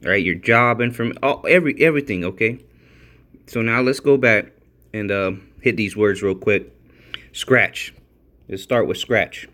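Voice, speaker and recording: A man's voice: lowish voice, normal speed. A man giving a casual, rambling Bible study commentary, repeating himself, often checking in with "all right?", and growing emphatic as he reads out word definitions. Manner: grows emphatic and excited while reading out definitions. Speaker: religious video commentator.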